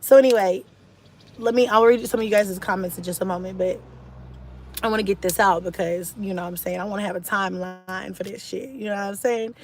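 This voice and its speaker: A stressed woman telling a personal story to her live stream viewers in a candid, animated way, swearing freely and filling her talk with "like" and "you know.". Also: medium pitch, fairly quick. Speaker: vlogger talking to a live stream audience. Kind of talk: casual storytelling.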